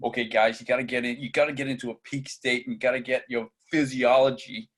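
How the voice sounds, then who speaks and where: A man's voice: mid-range voice, flat delivery, quick pace, close to an everyday voice. A man putting on an American accent to voice a pumped-up male motivational coach. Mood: hyped. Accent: American, put on. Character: booming American self-help coach, man.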